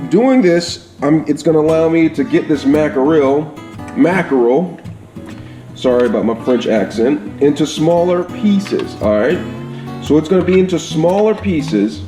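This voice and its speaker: A man giving a casual cooking demonstration in his home kitchen, chatty, often checking in with "all right?". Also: fairly high pitch. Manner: chatty, repeats "all right?" and "absolute goodness". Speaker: home cook. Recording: echoey kitchen with faint guitar music.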